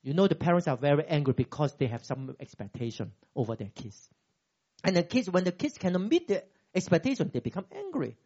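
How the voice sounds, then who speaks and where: Pastor guy in his 50s preaching, super lively up and down voice, kinda muffled lo-fi sound. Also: brisk. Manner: animated, acts out quoted dialogue with big pitch jumps. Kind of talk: sermon.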